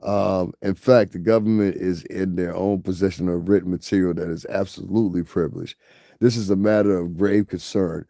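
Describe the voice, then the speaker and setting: Deep, dark-voiced man ranting casually. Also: fairly even intonation, moderate pace, gravelly, no echo, studio quality. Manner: rambling, repeats "you know what I'm saying", laughs often. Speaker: commentary vlogger. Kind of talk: casual commentary.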